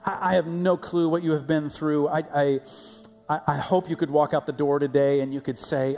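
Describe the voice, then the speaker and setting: A man's voice: on the high side, fairly even intonation, moderate pace, a little mellow, big-room sound, faint music behind. A man preaching a sermon in a conversational way, often repeating his words as he goes. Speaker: pastor. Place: church sanctuary.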